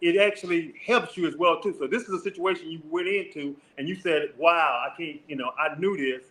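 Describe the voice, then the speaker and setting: Calm, encouraging male co-host. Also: a little high, fairly quick. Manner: calm, encouraging, asks "right?" often. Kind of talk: reflective advice talk.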